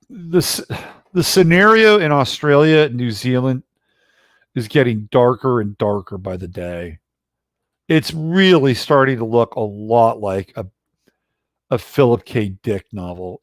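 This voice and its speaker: A man's voice: medium pitch, a little slow, no echo, clean studio sound. A middle-aged man hosting a casual livestream about astrology, rambling and blunt, with occasional swearing. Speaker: astrologer host.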